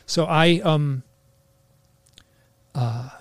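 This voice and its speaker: A man telling a personal story in a casual, halting way, full of restarts, animating the voices he quotes. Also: on the high side, dry recording. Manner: animated, acts out quoted lines.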